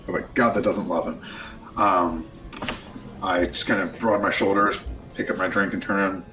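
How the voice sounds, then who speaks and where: A man's voice: low-pitched, fairly even intonation, normal speed, pushed and bright, distant mic, slight background noise, rough recording. A man playing a tabletop game as a player, jokey and playful. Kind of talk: tabletop role-play.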